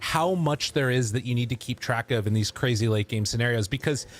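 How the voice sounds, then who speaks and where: A man's voice: medium pitch, brisk. A man working as an esports caster, thinking aloud with fillers in a panel discussion.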